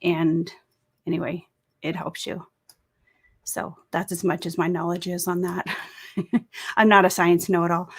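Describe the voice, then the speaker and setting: A woman's voice: on the low side, fairly even intonation, slow pace, long pauses. A woman with a sore throat hosting a casual live stream, chatting and greeting viewers by reading their comments aloud. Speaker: livestream host. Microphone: desk microphone.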